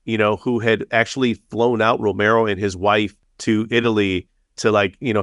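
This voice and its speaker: A man's voice: lowish voice, fairly even intonation, brisk, few pauses, a bit bright, no echo, studio quality. A man co-hosting a casual podcast chat, rambling with fillers and acting out little quotes. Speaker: podcast co-host.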